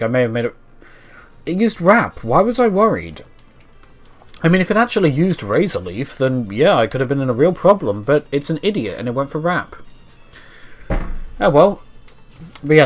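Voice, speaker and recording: Guy, youngish, chatty let's-play voice, faint music underneath. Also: mid-range voice. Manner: chatty, self-deprecating, talks to the game. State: dry mouth, yawning. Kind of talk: casual gameplay commentary.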